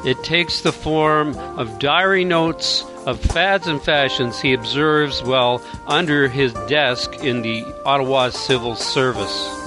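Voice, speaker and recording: A man's voice: medium pitch, slow pace, few pauses, over music. A man hosting an author interview show, formally reading an introduction and asking questions. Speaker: host.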